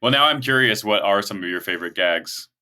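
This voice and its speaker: Bright-voiced male podcast host. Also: fairly low pitch, expressive, fairly quick, clean tone. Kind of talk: casual podcast interview.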